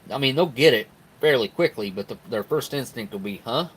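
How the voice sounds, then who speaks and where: A man's voice: medium pitch, expressive, brisk, breathy edge, poor audio. A middle-aged man with a southern Ohio Appalachian accent, hosting a casual live stream where he rambles in a folksy way and reads viewer comments aloud. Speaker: live-stream host reviewing military rations.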